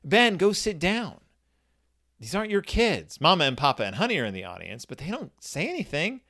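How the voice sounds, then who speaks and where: A man recapping a children's story in comedic, sarcastic asides, often slipping into quick put-on voices for the characters. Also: fairly high pitch, huge pitch swings, pushed and bright.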